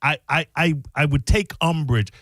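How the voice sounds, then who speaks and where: A man co-hosting a radio talk show, speaking in a halting way with restarts and mock-formal words. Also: on the high side, fairly bright tone, no echo. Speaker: radio co-host.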